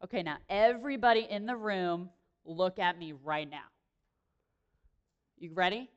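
A young woman speaking to a room, giving a lively, chatty sermon full of quick self-deprecating asides. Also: lowish voice, clear, resonant tone, muffled recording. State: pregnant. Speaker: speaker at a church or campus gathering. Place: room with an audience.

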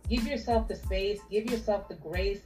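A woman's voice: medium pitch, moderate pace, a little mellow, faint music behind. A woman guest writer in a casual interview, giving encouraging advice to new writers.

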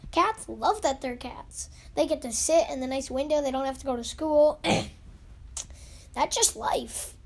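A woman's voice: sits high, moderate pace, few pauses. A young girl rambling playfully as the host of her own pretend podcast, acting out little scenes. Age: child. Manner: rambling, goofy, acts out scenes.

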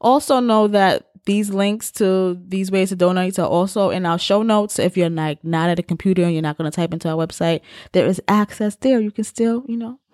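Bronx woman cohosting a podcast, quick and playful, dry close sound. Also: mid-range voice, darkish tone, dry recording. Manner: brisk, playful, swears casually. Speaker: podcast co-host. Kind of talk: casual chat.

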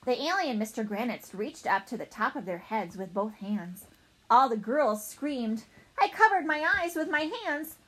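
A woman narrating a children's storybook in a playful, animated way as a young boy narrator. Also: on the high side, normal speed, husky, low-quality recording. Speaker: audiobook narrator.

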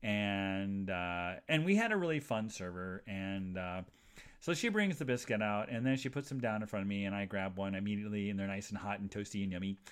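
Rambling animated male podcast host. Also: fairly quick, clean tone. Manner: rambling and animated, jumps to high voices for quoted people; chatty asides to listeners, many fillers. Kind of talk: casual monologue storytelling.

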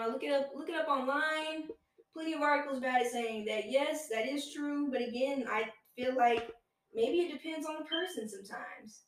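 Chatty woman host in an echoey room. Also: fairly high pitch. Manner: rambling, self-correcting, swears casually. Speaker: podcast host. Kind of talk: casual solo chat.

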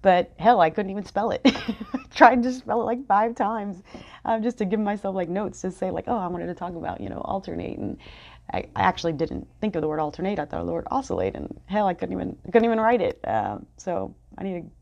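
A podcast host, having just cried, rambles candidly through a personal reflection, packed with fillers and self-corrections as she restarts often. Her voice runs on the low side, animated and a little mellow, with vocal fry at a quick pace. The audio is dull and lo-fi.

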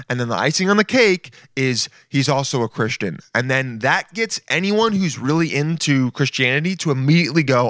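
A man's voice: mid-range voice, expressive, normal speed, few pauses, a bit bright, no room sound, clean studio sound. A young man hosting a casual comedy podcast, crude and mocking, often slipping into silly voices. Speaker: podcast host.

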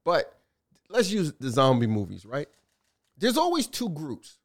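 A man co-hosting a casual talk show, telling animated stories with lots of fillers and acted-out quotes. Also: fairly high pitch, unhurried. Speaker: co-host, store owner. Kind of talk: casual chat.

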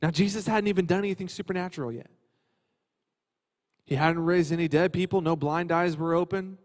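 A middle-aged man preaching a sermon, swinging between hushed, tender lines and loud, animated storytelling. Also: fairly high pitch, long reverb tail. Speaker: pastor.

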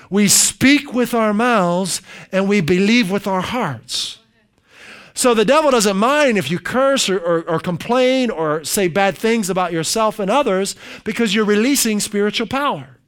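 High-voiced man preaching a fervent sermon. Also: fairly bright tone, clear, resonant tone. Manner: emphatic and repetitive, leads the congregation in call-and-response. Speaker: pastor.

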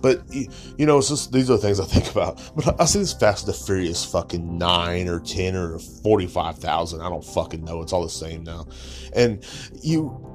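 A man's voice: sits low, moderate pace, faint music behind. A young man hosting a podcast, ranting in a crude, sarcastic, mocking way and swearing constantly. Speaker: podcast host. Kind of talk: profane comedic rant.

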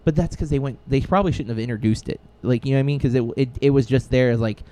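A man's voice: medium pitch, racing, mellow. A man co-hosting a podcast, chatting casually and enthusiastically, rambling with frequent fillers and restarts. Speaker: podcast co-host. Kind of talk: casual chat.

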